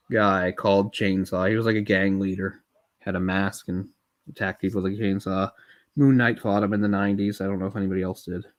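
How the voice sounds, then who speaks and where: A man giving casual live commentary on a film while feeling unwell, rambling in chatty asides with lots of fillers. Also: on the low side. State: unwell, keeps swallowing.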